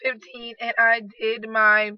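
A woman with a hoarse, fading voice records a casual video diary as a vlogger, effusively addressing her viewers. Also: on the high side, monotone, takes it slowly, no echo, lo-fi sound. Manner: effusive, keeps calling out "guys". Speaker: vlogger, aspiring model. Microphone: laptop built-in mic.

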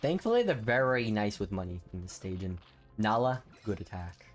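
A young man giving excited gameplay commentary, bursting into loud outbursts and rapid repeated words. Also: on the low side, soft background music. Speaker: gameplay streamer.

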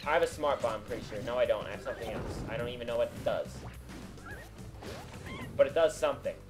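A young man co-hosting a let's play, giving goofy, excitable commentary and bossing his partner around. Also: medium pitch, quick pace. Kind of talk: casual gameplay commentary. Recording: game music underneath.

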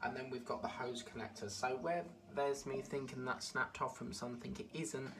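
A chatty man talks through a pile of model parts, rambling and delighted. He sounds set back from the mic, and steady background noise sits under his voice. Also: medium pitch, moderate pace, far from the mic. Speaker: model-building vlogger. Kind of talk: casual unboxing commentary.

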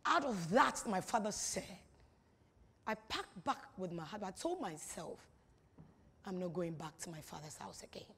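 A woman giving a personal testimony in a large hall, speaking emphatically, repeating phrases and swinging from hushed to loud. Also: on the low side, lively intonation, a little slow, breathy edge. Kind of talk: personal testimony at a church-style gathering. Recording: reverberant hall.

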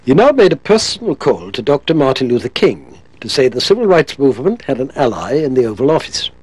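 A man reading scripted documentary narration in a measured way. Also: mid-range voice, sing-song, darkish tone, husky, low-quality recording.

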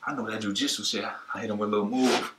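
A man's voice: on the low side, steady tone, rapid-fire. A young man telling a comedic story in rambling, boastful slang. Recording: roomy echo, faint noise.

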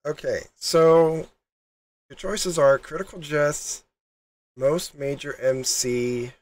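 A man's voice: fairly high pitch, fairly even intonation, slow. Rambling man chatting to his stream. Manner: rambling, lots of ums and restarts. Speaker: game streamer. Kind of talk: casual chat to stream viewers.

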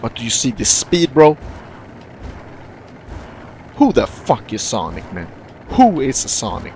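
A young man casually commentating his own gameplay, excitable and profane, often jumping into loud yelps. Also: medium pitch, slow, pauses often, noisy background. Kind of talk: let's-play commentary.

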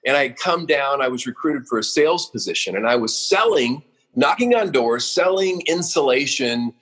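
Husky-voiced man in his fifties, podcast guest; emotional, self-deprecating stories, stumbles and restarts. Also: medium pitch, lively intonation, moderate pace, a bit bright, poor audio. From Oregon, USA. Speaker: guest, roofing company founder. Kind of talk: casual podcast storytelling.

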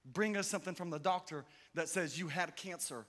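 A man's voice: a little high, brisk, fairly bright tone, close to an everyday voice. A man preaching who voices a skeptical male temple official, matter-of-fact and bureaucratic, asking for proof. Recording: hall reverb.

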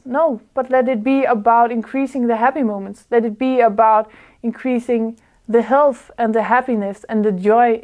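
A woman whose voice is on the high side with a darkish tone offers an informal spiritual talk to a few people indoors. She speaks earnestly, frequently laughs and often gropes for her words.

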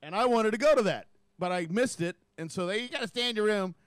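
A man's voice: sits high, expressive, quick pace, clean tone, dry recording, studio quality. A man, telling profane rambling stories in casual podcast chat. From United States. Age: 50s. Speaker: podcast host.

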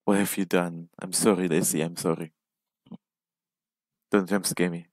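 A man with a low voice and flat delivery talks at normal speed, with no echo. He gives casual, jumpy commentary while playing a game alone at home on a headset microphone, sounding nervous and often letting out startled exclamations.

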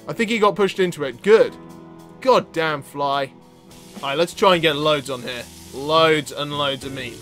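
A young Englishman with a high, bright voice narrates his gameplay, yelling and laughing at what happens on screen. Faint game music and sizzling play under his voice. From England. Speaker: gaming channel host. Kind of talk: let's play commentary.

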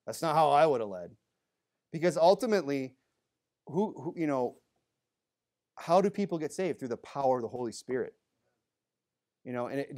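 A man's voice: medium pitch, a little mellow. A man preaching in a church in a loose, conversational way, with good-humored asides. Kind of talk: conversational sermon.

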